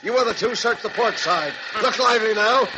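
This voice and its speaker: An actor playing a commanding sea captain barking orders in an old radio drama. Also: male voice, sits high, fairly quick, lo-fi sound. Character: commanding lifeboat sea captain, adult man. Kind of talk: 1940s radio acting. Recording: hissy old radio broadcast.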